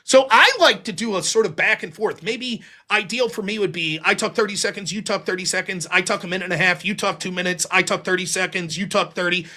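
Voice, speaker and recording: A middle-aged man from Pittsburgh talking in a loud, rapid, profane way as a guest in a casual conversation. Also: high-pitched. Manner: fast, loud, profane talker. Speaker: guest debater.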